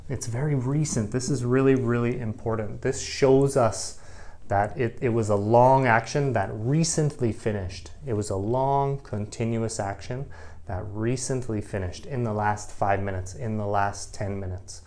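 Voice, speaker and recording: A man's voice: mid-range voice, unhurried, darkish tone. A middle-aged man teaching English grammar to camera, explaining patiently and repeating key phrases.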